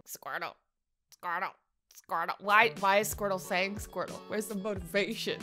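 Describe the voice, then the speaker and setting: A young woman who is an impressionist, giving playful, bubbly feedback on viewers' voice impressions. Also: a little high. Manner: bubbly, animated, playful critique. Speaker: impressionist reviewing viewer submissions. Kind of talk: casual chat.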